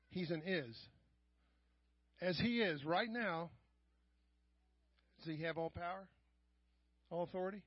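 A middle-aged man preaching a sermon in church, swinging from quiet asides to loud raised passages. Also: fairly high pitch, slightly rough, dry recording. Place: church sanctuary. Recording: dull, lo-fi church live stream.

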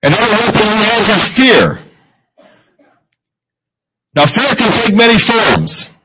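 A man's voice: high-pitched, big pitch swings, slow, pushed and bright, slight background noise, poor audio. A man preaching a conversational sermon, reading scripture between plain explanations. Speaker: pastor.

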